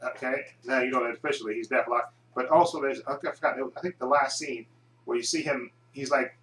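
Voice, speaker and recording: A man's voice: medium pitch, fairly even intonation, fairly quick, fairly bright tone, reverberant, slight background noise, low-quality recording. A man giving a casual, rambling recap and review of a TV episode, often restarting his sentences. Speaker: video reviewer.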